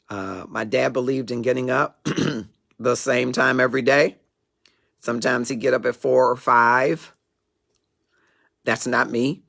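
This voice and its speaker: Middle-aged male host with a gravelly, fry-edged voice at a middling pitch; emphatic and preachy, prone to digressions in a motivational talk show monologue. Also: a bit bright.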